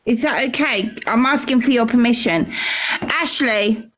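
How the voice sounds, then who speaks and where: A woman's voice: a little high, measured pace, a bit bright, low-quality recording. A woman on a livestream in the UK, asking politely and carefully. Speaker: livestream guest.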